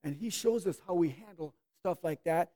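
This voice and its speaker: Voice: mid-range voice, normal speed, mellow. A preacher delivering a sermon, emphatic, drawing words out and pressing the listeners with rhetorical questions.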